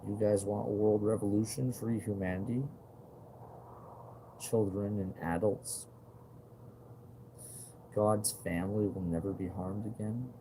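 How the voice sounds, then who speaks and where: A man's voice: on the low side, level tone, measured pace, pauses often, mellow, a little hiss or hum. A man talking straight to his viewers in a rambling monologue, agitated and profane, full of fillers and repeated questions.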